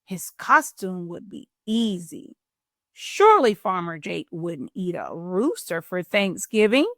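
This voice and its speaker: A woman hosting a children's storytime, reading a picture book aloud in a playful, expressive way. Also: lowish voice, no echo, clean studio sound. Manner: expressive, playful, drawn-out delivery.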